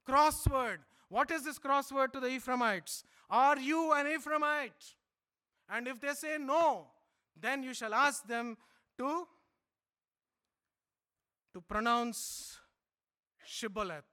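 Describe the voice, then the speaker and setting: Preaching, a middle-aged man from India veers from emphatic, loud passages to low, quiet asides.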